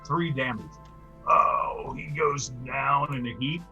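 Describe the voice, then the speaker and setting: A man's voice: medium pitch, takes it slowly, pushed and bright, highs cut off, faint music behind. A man narrating as game master of a tabletop game, often stumbling and repeating words as he describes the action.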